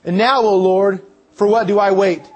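Preacher, male, fairly high voice, earnest sermon delivery with many questions to the congregation. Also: steady tone, moderate pace, darkish tone. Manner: earnest, repeats rhetorical questions.

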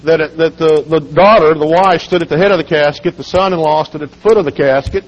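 Hoarse man telling folksy stories. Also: fairly high pitch, fairly quick. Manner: relaxed anecdotal delivery with humorous stories. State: hoarse, husky from a cold. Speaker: guest speaker at a children's home. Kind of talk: folksy storytelling sermon. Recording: dull lo-fi recording.

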